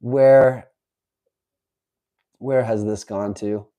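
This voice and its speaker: A man hosting a live stream, chatting casually and reading aloud with incredulous, animated asides. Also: mid-range voice, drawn-out words, rough recording. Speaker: livestream host. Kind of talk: live-stream reaction chat.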